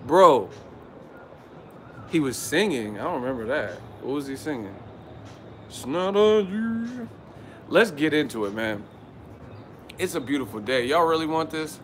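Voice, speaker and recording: A man in a hotel room doing a casual, hyped-up boxing vlog rant, brash and teasing, swearing freely and swinging between loud hype and low muttering. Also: animated, moderate pace, pauses often, a little hiss or hum. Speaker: boxing commentary vlogger.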